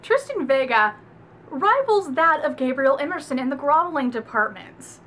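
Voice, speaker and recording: Gushing and emphatic, this young woman swears freely as she chats through a book review in a sing-song way. Her tone is bright and high-pitched, with a low hum faintly audible in the background.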